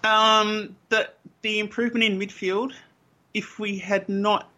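A man's voice: sits high, level tone, a little slow, pushed and bright. An Australian man co-hosting a casual fan podcast, blunt and opinionated, with frequent ums. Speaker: podcast co-host.

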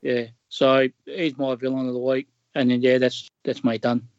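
A man's voice: mid-range voice, level tone, normal speed, no echo. An Australian man co-hosting a sports podcast, mocking and ranting. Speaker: podcast co-host. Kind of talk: casual sports chat. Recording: dry, dull lo-fi mic.

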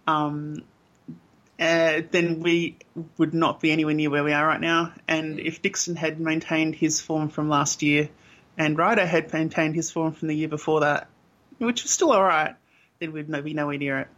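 A man's voice: on the high side, fairly bright tone. An Australian man co-hosting a casual fan podcast, blunt and opinionated, with frequent ums. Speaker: podcast co-host.

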